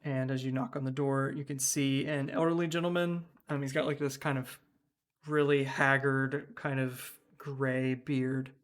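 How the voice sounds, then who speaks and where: A man's voice: medium pitch, level tone, measured pace. A man running a tabletop horror game as game master, describing scenes loosely with many fillers.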